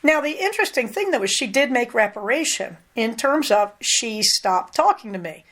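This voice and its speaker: A woman's voice: a little high, fast talker. Candid older woman podcast host. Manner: candid, conversational, lively emphasis. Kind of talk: casual monologue.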